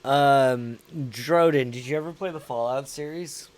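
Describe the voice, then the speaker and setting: A Southern US man hosts a livestream, chatting with viewers in a rambling, profane, laid-back way. His mid-range voice has a darkish tone, and he takes his time.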